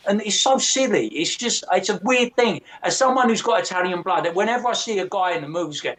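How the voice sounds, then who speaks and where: A man in loose casual chat, his voice pitched a little high. He swears a lot and acts out other people's voices while telling his stories. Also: brisk. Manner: profane, animated storyteller who mimics others.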